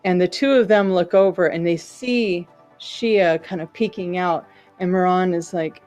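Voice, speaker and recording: A woman's voice: on the low side, measured pace, darkish tone, soft background music. A woman narrating a tabletop game as game master, loose and filler-heavy.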